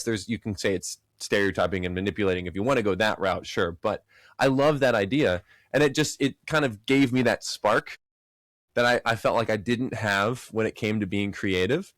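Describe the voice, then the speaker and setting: A man's voice: on the low side, no echo. A man co-hosting a podcast in casual chat, telling stories with animation and acting out other people's lines in a raised voice. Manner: animated storyteller, acts out quotes in raised voices. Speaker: podcast co-host.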